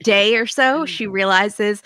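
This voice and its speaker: Bright-voiced woman making joking asides. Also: medium pitch, clear, resonant tone, dry recording. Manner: quick joking reactions. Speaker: podcast guest. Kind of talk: casual chat.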